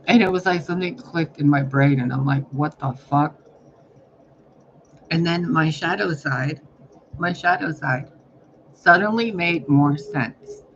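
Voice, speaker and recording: Male spiritual reader, rambling and foul-mouthed, slightly high voice, faint hiss behind. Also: measured pace, gravelly. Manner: rambling, profane, animated storytelling. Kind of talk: casual spiritual reading monologue. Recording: dull lo-fi recording.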